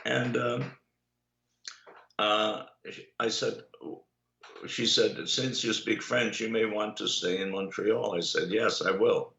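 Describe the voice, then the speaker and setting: An older man with a low, gravelly voice tells long anecdotes at an unhurried pace, stopping often on "uh". The recording sounds echoey and dull, like a lo-fi room capture. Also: fairly even intonation, bright, forceful tone. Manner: unhurried anecdotal storyteller, many "uh" pauses. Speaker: guest, Holocaust survivor. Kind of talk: storytelling in an interview.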